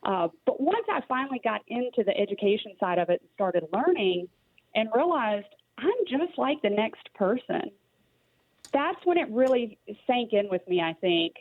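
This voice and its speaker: A woman's voice: a little high, big pitch swings, moderate pace. A woman with a light Southern twang talks earnestly as a guest on a radio show, sometimes restarting her sentences. Her voice comes through thin and phone-like, with a dry sound and no room echo. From Tennessee. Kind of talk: casual interview chat. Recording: dry tinny phone-like line.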